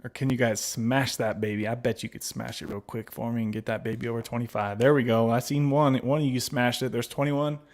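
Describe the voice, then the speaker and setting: A man's voice: mid-range voice, fairly even intonation, brisk, few pauses, a little mellow. A man hosting a casual livestream, reading viewer comments aloud and answering them, laughing often and calling viewers buddy. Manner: laughs often, reads chat aloud and replies; friendly, calls viewers babies and buddy. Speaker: livestream host.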